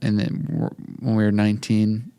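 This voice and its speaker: A man's voice: fairly low pitch, steady tone, normal speed, warm tone, clean tone. A man co-hosting a casual podcast, trading jokes and teasing banter with his co-host. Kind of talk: casual chat.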